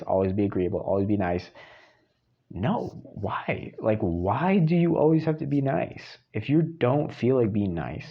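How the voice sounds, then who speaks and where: A man's voice: fairly low pitch, muffled recording. A man giving blunt, profane dating advice in a monologue, hammering points home by repeating words. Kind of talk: monologue to camera.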